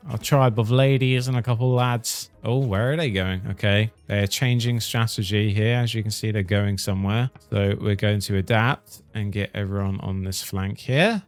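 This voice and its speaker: A man's voice: fairly low pitch, fairly even intonation, moderate pace, hardly any pauses, soft background music. A man giving casual, cheeky gameplay commentary, chatting along and teasing the characters on screen. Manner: chatty, cheeky, mildly swearing at his settlers. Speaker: gaming commentator.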